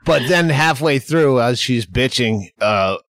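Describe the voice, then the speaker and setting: A man's voice: mid-range voice, animated, unhurried, a bit bright. A man hosting a podcast in casual chat, crude and joking, rambling with swearing. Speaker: podcast host.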